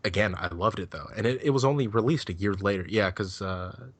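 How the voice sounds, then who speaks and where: A man's voice: on the low side, fairly quick, no echo. A man chatting casually on a podcast, rambling loosely and swearing freely as he gives his take on a film. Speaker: podcast co-host. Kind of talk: casual chat.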